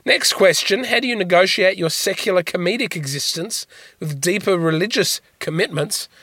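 Bright-voiced deadpan man rambling. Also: high voice, moderate pace, breathy edge, no echo, clean studio sound. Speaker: podcast host. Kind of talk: casual comedic monologue answering listener questions.

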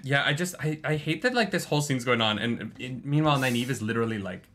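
A man's voice: mid-range voice, animated, quick pace, fairly bright tone. A man co-hosting a casual book-club podcast, joking around and reading quotes aloud. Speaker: podcast co-host.

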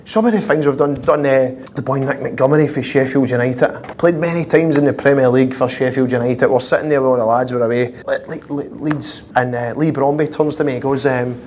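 A man's voice: mid-range voice, fairly quick, few pauses, a little hiss or hum. Laughing Scottish man telling stories. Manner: lively, laughing, fond of the repeated "I says". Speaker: interview guest, footballer. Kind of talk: anecdotal storytelling.

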